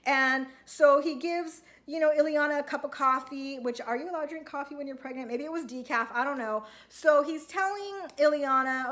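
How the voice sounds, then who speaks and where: Chatty high-voiced woman recapping TV. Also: fairly quick, few pauses, fairly bright tone. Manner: chatty, self-questioning, acts out quotes. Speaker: reality TV recap vlogger. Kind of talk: casual recap monologue to viewers.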